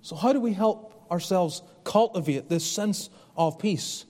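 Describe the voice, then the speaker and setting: A man's voice: high-pitched, a little slow, dark tone, big-room sound. A man preaching a sermon as pastor, earnest and conversational, often restarting his phrases. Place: church.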